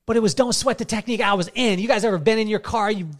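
A man's voice: sits high, very fast. A middle-aged man giving an emphatic, story-driven motivational speech at a live summit. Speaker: keynote speaker.

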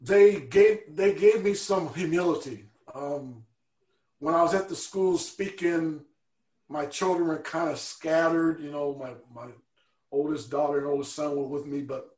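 A man telling a personal story as an interview guest, earnest and animated, acting out the people he quotes. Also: a little high, echoey room.

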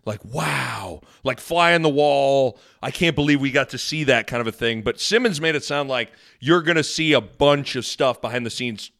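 A man co-hosting a sports podcast, joking and bantering in a lively way. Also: mid-range voice, creaky. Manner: animated, jokey, quick to banter. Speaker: podcast co-host. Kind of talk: casual sports chat.

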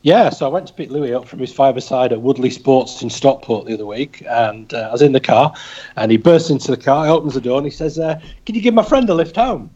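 A man's voice: medium pitch, fast talker, warm tone, slightly rough, highs cut off. A man, a podcast co-host telling wry, self-deprecating anecdotes in a casual way. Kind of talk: casual storytelling.

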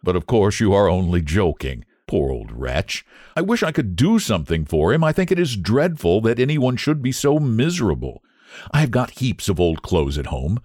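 A man voicing a kind, carefree young gentleman who speaks earnestly and sympathetically. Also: lowish voice, huge pitch swings, normal speed, no echo, clean studio sound. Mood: sympathetic.

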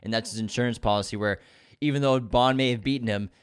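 A man's voice: mid-range voice, fast, smooth. A man co-hosting a podcast, chatting casually about a film and acting out characters' lines. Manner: animated, acts out characters' lines. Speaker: podcast co-host. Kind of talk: casual film review chat.

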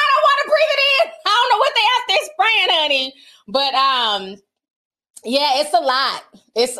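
A woman's voice: high-pitched, bright, forceful tone. A woman hosting a casual livestream, chatting candidly, laughing often and tossing in slangy asides as she reads viewer messages. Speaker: livestream host reading super chats.

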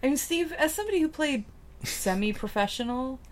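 A woman's voice: sits high, expressive, fairly quick. A woman co-hosting a podcast, chatting casually about a movie with joking, teasing asides. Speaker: podcast co-host. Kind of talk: casual movie recap chat.

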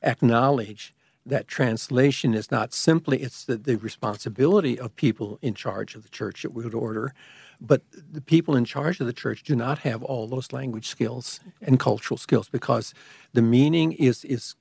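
Gravelly-voiced man explaining at length. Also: mid-range voice, a little mellow, no echo. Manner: measured, explaining at length with restarts. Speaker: guest expert on liturgy. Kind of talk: explanatory conversation.

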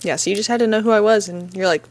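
A woman's voice: mid-range voice, very fast, no echo. A young woman co-hosting a podcast, reading listener questions aloud and giving earnest, supportive advice in a casual tone. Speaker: podcast co-host.

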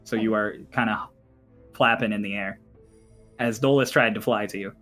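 A man's voice: on the low side, steady tone, normal speed, fairly bright tone, soft background music. A man narrating a tabletop game as game master, in a loose, chatty way with many fillers.

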